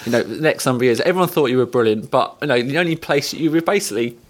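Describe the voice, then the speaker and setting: A man's voice: mid-range voice, rapid-fire. A football journalist chats on a podcast with a mid-range voice. He tells loose anecdotes, teases his co-host and laughs easily. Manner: anecdotal, teasing, laughs often. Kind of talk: casual football podcast chat.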